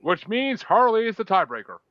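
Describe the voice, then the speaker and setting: A man's voice: high voice, very animated, normal speed, dry recording, dull audio. A man hosting a podcast in casual chat, swearing freely as he runs the voting. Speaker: podcast host.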